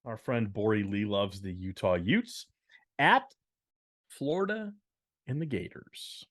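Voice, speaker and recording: A man's voice: fairly low pitch, animated, takes it slowly, fairly bright tone, no room sound. A man co-hosting a podcast, upbeat as he announces football picks, with dry asides. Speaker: podcast co-host. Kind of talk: casual sports-picks chat.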